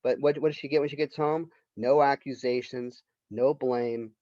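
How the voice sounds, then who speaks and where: A man's voice: mid-range voice, fairly even intonation, normal speed, dark tone, no room sound. A male literature professor giving a college lecture, retelling a story in a casual conversational way. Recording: dull lo-fi lecture recording.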